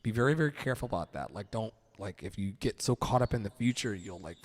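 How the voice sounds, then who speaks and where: A man's voice: lowish voice, expressive, quick pace. A man hosting a casual late-night livestream from home, chatting in a loose, rambling, candid way and swearing freely. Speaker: livestream host.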